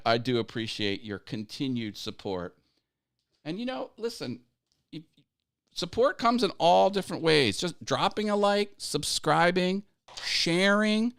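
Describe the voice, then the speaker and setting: A man's voice: a little high, smooth, no echo, clean studio sound. A man hosting a casual live stream about growing a video channel, upbeat and chatty, laughing easily and thanking viewers. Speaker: YouTube coaching livestream host.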